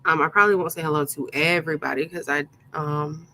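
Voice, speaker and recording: A woman with a lowish voice hosts a live craft stream, talking loosely and warmly to her chat and reading off viewers' names one after another. Her talk is relaxed and full of little fillers and restarts. A faint hiss of background noise sits under her voice. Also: fast talker, low-quality recording. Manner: chatty, greets viewers by name, many fillers. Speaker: craft tutorial host.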